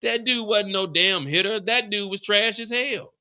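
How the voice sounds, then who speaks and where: A man hosting a live TV after-show, ranting in an animated, profane way. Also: sits high, moderate pace, smooth. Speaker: host.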